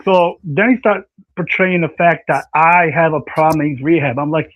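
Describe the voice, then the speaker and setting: A man's voice: fairly high pitch, fairly quick, dry recording. Rambling man on a dull dry stream mic. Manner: rambling, animated, many fillers. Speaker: panel stream host. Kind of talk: casual online panel chat. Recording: slightly dull dry audio.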